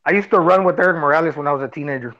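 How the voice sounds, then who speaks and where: A man with a heavy Mexican Spanish accent and a fairly high voice chats on a podcast. He talks in halting bursts, often restarting his sentences. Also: fairly bright tone, highs cut off. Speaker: podcast co-host. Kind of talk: casual chat.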